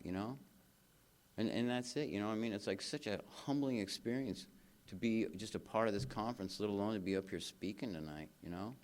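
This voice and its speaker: A man's voice: lowish voice, a little fast, a little mellow. A man speaking at a recovery convention, talking in a casual, slangy way from a stage microphone. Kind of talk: recovery speech.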